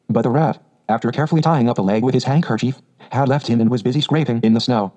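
A man narrating a children's story aloud in a steady, measured way on a dull lo-fi recording. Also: mid-range voice. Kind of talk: audiobook reading.

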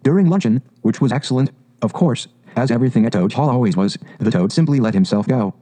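A man reading a classic animal storybook aloud in a measured, expressive way. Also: mid-range voice, low-quality recording. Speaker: audiobook narrator.

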